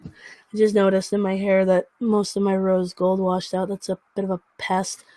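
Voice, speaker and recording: A woman's voice: medium pitch, completely flat delivery, moderate pace, mellow, dry recording. A young woman hosting a casual livestream, chatting to viewers and cooing baby talk to her dog. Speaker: livestream host.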